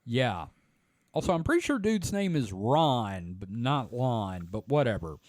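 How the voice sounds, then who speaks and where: Animated Southern man with lively pitch. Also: measured pace, dry recording, studio quality. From southern United States. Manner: animated, joking. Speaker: podcast host. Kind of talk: casual chat, reading a story aloud.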